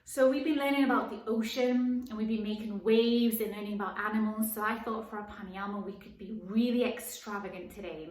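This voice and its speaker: A woman teaching young children at circle time, gently encouraging them and slowly singing and counting along. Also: medium pitch. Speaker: preschool teacher. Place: home room, live stream. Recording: echoey room.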